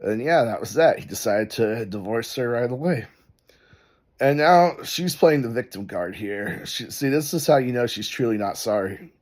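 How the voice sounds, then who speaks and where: A man's voice: medium pitch, animated, moderate pace, a little mellow. A man telling a story in casual commentary, rambling, with lots of "like" and "uh". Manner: rambling, full of "like" and "uh".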